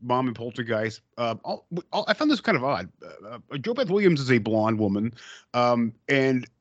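A man's voice: medium pitch, very animated, moderate pace, dry recording, lo-fi sound. A man co-hosting a casual movie podcast, rambling and swearing, with many restarts. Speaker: podcast co-host.

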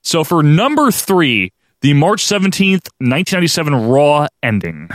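A man's voice: fairly high pitch, very animated, moderate pace. A man co-hosting a podcast, chatting casually and steering the segment with ums and restarts. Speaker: podcast co-host.

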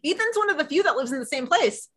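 A woman co-hosting a casual podcast, retelling a TV episode in animated chat and acting out the dialogue. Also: sits high, quick pace. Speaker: podcast co-host.

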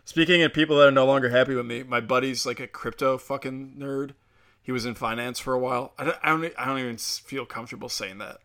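Solo podcast host, male, foul-mouthed sarcastic ranter, mid pitch, bright edge. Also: fast talker. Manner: crude, ranting, sarcastic, mocking voices.

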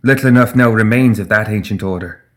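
A man's voice: lowish voice, fast talker, close to an everyday voice. A man reading a stern ancient fae queen. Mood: regal.

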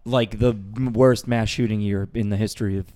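A man's voice: fairly low pitch, fairly even intonation, a little fast, dark tone, no echo. A young man co-hosting a comedy podcast, talking in a rambling way with stammered restarts. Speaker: podcast co-host. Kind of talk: casual comedy chat.

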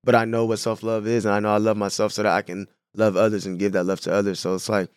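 A man from San Diego, a guest on a podcast, talking in a casual, animated, slangy way. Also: on the low side, fast, clear, resonant tone, dry recording, studio quality. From San Diego, California. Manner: animated, slangy, says "bro" and "you know what I'm saying" a lot. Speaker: podcast guest, clothing brand owner. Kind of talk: casual conversation.

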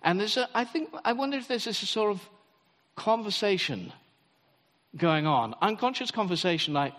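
A man preaching a sermon in a church, telling stories in an animated way and acting out the quotes. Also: sits high, normal speed. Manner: animated storytelling, acts out quotes. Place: church hall. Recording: long hall reverb.

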